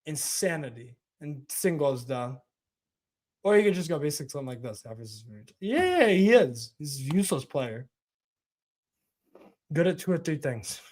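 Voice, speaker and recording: A man's voice: a little high, big pitch swings, moderate pace, darkish tone. A man hosting a live watch-along stream, giving casual commentary in a profane, ranting, mocking way.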